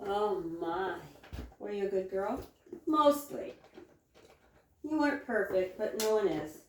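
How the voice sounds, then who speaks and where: Woman homesteader, casual chore-time chatter, lively pitch that jumps high when she coaxes her animals; recorded from a distance in an echoey barn with faint clucking behind. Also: slow pace, long pauses, a little hiss or hum. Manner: chatty, switches into high sing-song coaxing when talking to her animals. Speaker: homesteader milking her goats. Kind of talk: casual chat while doing farm chores. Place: indoor barn or milking shed with chickens. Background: chickens clucking.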